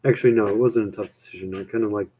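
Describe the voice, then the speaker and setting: A man's voice: lowish voice, steady tone, racing, dark tone, a little hiss or hum. A young man chatting on a live stream, rambling with lots of fillers and casual swearing.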